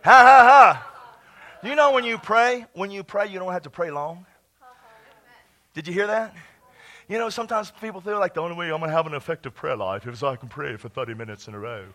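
A man preaching a charismatic sermon in a church, exuberant, bursting into shouts and laughter between calmer teaching. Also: high-pitched, brisk. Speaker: pastor.

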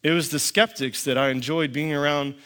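A middle-aged male pastor delivers a sermon from the stage with a slightly high voice. His delivery is dry and understated, and he drops deadpan jokes into long personal stories. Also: fairly quick. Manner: dry storytelling with quoted back-and-forth.

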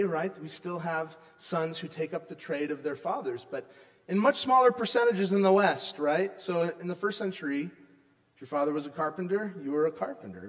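A man preaching a sermon as pastor, emphatic, often checking in with "right?" and swinging between loud stresses and soft, low asides. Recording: long reverb of a large hall.

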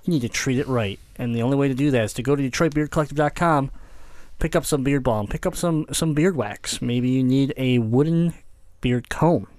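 A man hosting a casual retro gaming podcast, laughing often and reading ads briskly. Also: medium pitch, darkish tone, dry recording. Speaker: podcast host.

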